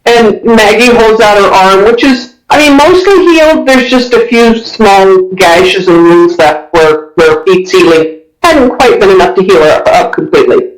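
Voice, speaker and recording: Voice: medium pitch, lively intonation, a little slow, poor audio. A dungeon master narrating a tabletop game session, describing the scene with frequent restarts.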